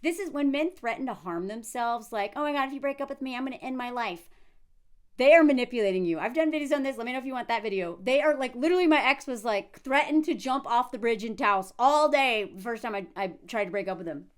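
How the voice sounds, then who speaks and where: A young adult woman giving blunt, animated reaction commentary with quick asides. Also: a little high. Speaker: commentary vlogger.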